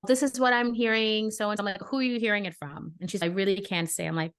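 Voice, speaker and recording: A woman co-hosts a podcast, telling a story in a casual, animated way. She acts out each side of the dialogue and gets indignant, her voice sitting at an ordinary middle pitch. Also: quick pace, clean tone. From Brooklyn. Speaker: podcast co-host.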